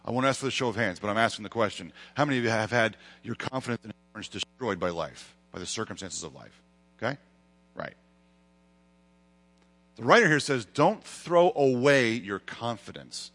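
Guy preaching in church, swings up loud for the big points, long hall reverb. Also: lowish voice, expressive, brisk, long pauses. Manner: preaching with emphatic rises and dramatic retellings. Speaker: pastor. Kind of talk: sermon.

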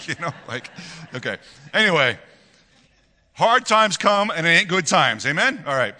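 A pastor with a slight lilt preaches to his congregation, his brightly ringing voice swinging widely in pitch. He keeps it animated and chatty, chuckling and doubling back on words. The sound carries a long church-hall echo. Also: quick pace. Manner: animated, conversational preaching with frequent laughter and repeated words. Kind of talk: sermon. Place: church sanctuary.

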